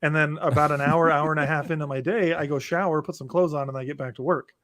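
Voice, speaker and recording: A man's voice: a little high, quick pace. A man co-hosting a podcast from home, chatting casually and rambling with lots of restarts. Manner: rambling, animated, many restarts. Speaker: podcast co-host. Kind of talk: casual chat. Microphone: remote home setup.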